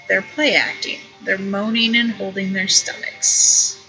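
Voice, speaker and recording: Bright-voiced woman reading a story game. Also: mid-range voice, a little slow, few pauses, soft background music, low-quality recording. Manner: wry and playful, comments as she reads. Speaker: streamer playing an interactive story. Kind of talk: reading an interactive story aloud.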